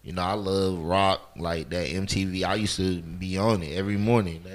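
A man from New York talking easily as a podcast guest, in relaxed slang with constant "you know what I'm saying". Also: low-pitched, normal speed. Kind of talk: casual interview chat.

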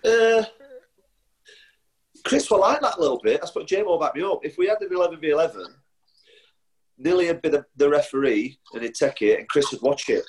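A man's voice: on the high side, animated, brisk, long pauses, rough recording. A man with a Northern English accent, a footballer guest telling anecdotes in casual chat, often restarting and laughing. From Sheffield, England. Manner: chatty storyteller with frequent restarts and laughter.

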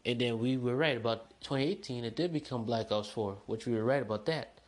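A young man hosting a solo podcast, chatting in a rambling, excitable, slangy way. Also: mid-range voice, a little fast. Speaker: podcast host. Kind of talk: casual solo podcast chat.

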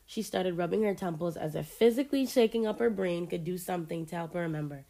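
A woman's voice: lowish voice, quick pace, few pauses, warm tone. A woman reading a first-person story aloud in a casual, conversational way, with small slips now and then.

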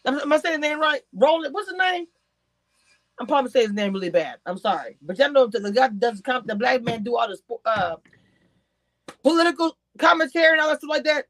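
A woman giving chatty, animated reality-TV commentary on a livestream, talking straight to her chat. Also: high-pitched, fairly quick, no echo. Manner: grows exasperated and incredulous. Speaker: YouTube commentator.

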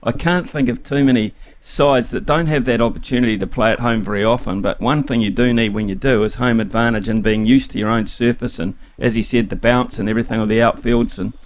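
A man hosting sports talkback radio, chatty and casual with many pauses. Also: medium pitch, slight background noise.

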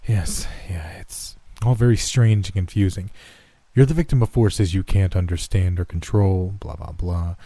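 A man voicing a cold, menacing middle-aged doctor in a horror story reading, sneering and dismissive, often low and hushed. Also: normal speed, dry recording.

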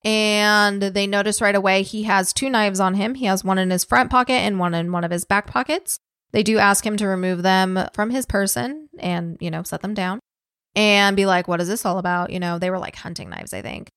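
Woman podcast host, casual true-crime storytelling, swears freely, mid-pitched, dry close sound. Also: steady tone, moderate pace, fairly bright tone, smooth, dry recording. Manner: profane, chatty, laughs easily.

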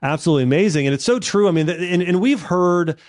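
A man hosting a podcast interview, affirming his guest and thinking out loud as he talks. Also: sits high, quick pace, dry recording, clean studio sound. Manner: affirming, thinks aloud with restarts. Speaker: podcast host. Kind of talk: interview conversation.

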